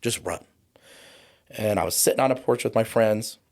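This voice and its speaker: This forties-aged trauma coach talks briskly in a lowish, darkish voice as an interview-show guest. He relates a personal story with vivid detail, mimicking the voices of people in it.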